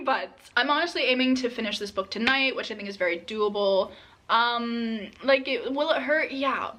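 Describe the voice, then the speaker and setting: A woman's voice: fairly high pitch, pushed and bright. A young woman in her twenties chatting casually in a reading vlog, gushing and giggly, often breaking into laughter. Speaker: book vlogger.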